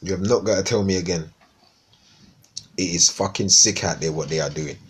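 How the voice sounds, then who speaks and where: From East London, England, a man with a Cockney accent chats casually on a live stream, rambling, slangy, and swearing a lot. His voice sits low with a breathy edge, at a moderate pace.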